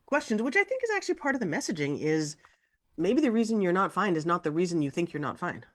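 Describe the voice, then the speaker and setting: A woman co-hosts a casual podcast conversation. Her voice swings widely in pitch, and she brightens into higher tones whenever she acts out what someone else says. She keeps the exchange quick and expressive. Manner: animated, acts out quoted dialogue in a higher voice. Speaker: co-host.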